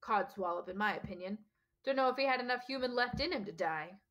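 A woman voicing a huge, bearded male gamekeeper who is gruff but kindly and speaks in a rough, folksy country dialect. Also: medium pitch, expressive, fast talker, fairly bright tone, lo-fi sound. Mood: earnest.

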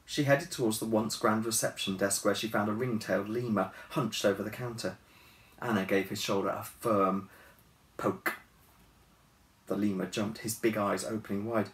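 A man who writes and illustrates children's books, chatting in a relaxed way and reading his story aloud in his office. He is recorded from a distance, with faint hiss behind him. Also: fairly low pitch, moderate pace, roomy sound.

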